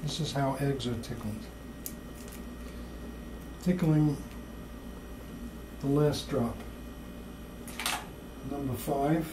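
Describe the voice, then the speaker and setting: A home cook talking through baking in a slow, whimsical, playfully mock-serious way in a kitchen. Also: medium pitch, warm tone, roomy sound, slight background noise, rough recording. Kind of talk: playful cooking video banter.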